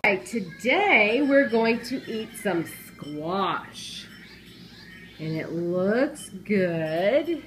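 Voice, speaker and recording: A woman's voice: medium pitch, expressive, drawn-out words, long pauses, faint music behind, poor audio. A woman vlogging at home, chatting casually and switching to sing-song baby talk with her son. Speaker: vlogger and mother. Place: home, indoors and at the back door.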